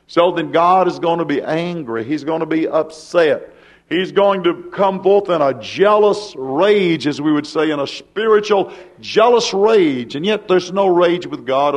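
High-voiced man preaching a sermon. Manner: preaching cadence, swings between loud and hushed.

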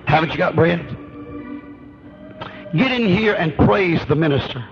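A man's voice: a little high, animated, unhurried, creaky, faint music behind. A man preaching a sermon with an emphatic, rhythmic preaching cadence. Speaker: pastor. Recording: dull lo-fi recording.

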